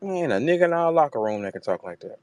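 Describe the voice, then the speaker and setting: A man hosting a casual battle rap talk space, profane and animated, slipping into mocking voices when he quotes people. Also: a little high, fast, no echo. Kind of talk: casual chat. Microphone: online audio room.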